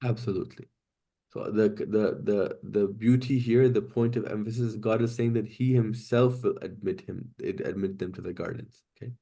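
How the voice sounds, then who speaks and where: A man teaching Quranic Arabic grammar in a class, explaining patiently step by step and reciting Arabic phrases quickly. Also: lowish voice, fairly even intonation, vocal fry, warm tone, slightly rough.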